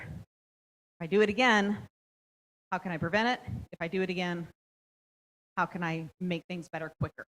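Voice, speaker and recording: A woman's voice: fairly low pitch, fairly bright tone, low-quality recording. A middle-aged woman presenting a parenting workshop, explaining step by step and often checking in with "okay?". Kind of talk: instructional presentation.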